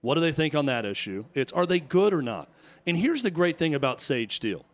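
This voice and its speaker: A man's voice: a little high, sing-song, fairly quick. A man co-hosting a sports talk radio show, arguing his point with emphatic, repeated rhetorical questions. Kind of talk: opinionated talk radio commentary.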